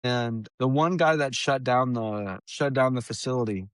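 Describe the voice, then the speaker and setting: A young man hosts a podcast, telling rambling, profane stories about his trucking job in a casual, animated style. His mid-range voice moves at a moderate pace, captured dry and at studio quality.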